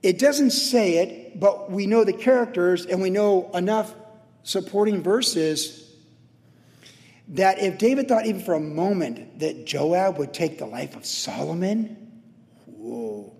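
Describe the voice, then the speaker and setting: A man in his sixties preaching a sermon in a conversational way, acting out quotes with sudden shouts. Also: high-pitched, expressive, a little slow, creaky, long reverb tail. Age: 60s. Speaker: pastor.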